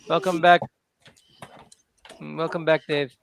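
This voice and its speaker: A man's voice: a little high, flat delivery, takes it slowly, gravelly, a bit bright, a little hiss or hum. A man chatting casually and tossing in teasing quips. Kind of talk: casual chat.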